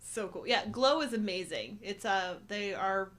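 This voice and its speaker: A woman's voice: mid-range voice, expressive, measured pace, a bit bright. A woman in her thirties co-hosting a casual live chat, bubbly and enthusiastic. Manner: bubbly, enthusiastic, laughs often. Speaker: co-host.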